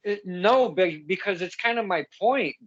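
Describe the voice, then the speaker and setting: A man's voice: sits high, animated, measured pace. Stammering man telling wrestling stories. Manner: rambling, stammers and restarts, laughs while telling stories. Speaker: podcast host and local wrestling ring announcer. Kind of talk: casual interview chat. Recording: slightly dull lo-fi sound.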